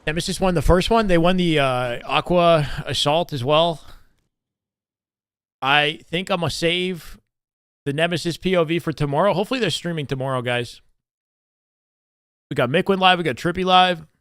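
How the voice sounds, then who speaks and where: A Canadian man chatting casually on a live stream, relaxed and full of fillers as he reacts to matches. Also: a little high, normal speed, long pauses, clean tone, no echo. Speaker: streamer and esports co-caster.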